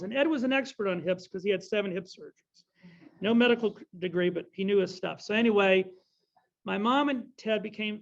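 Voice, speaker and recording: A man's voice: sits high, gravelly. A middle-aged man giving a talk with questions, telling rambling stories and correcting himself as he goes. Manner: rambling storyteller, self-correcting. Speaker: guest speaker. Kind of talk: anecdotal talk with Q&A. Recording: dull lo-fi recording.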